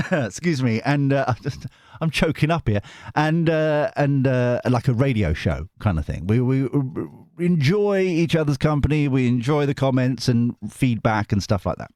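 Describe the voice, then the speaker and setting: Hosting his tarot channel, a British-accented reader chats casually and jokily, interrupting himself and wandering off topic before starting again. He speaks unhurriedly at medium pitch with lively intonation and a darkish tone; the sound is studio quality with no echo.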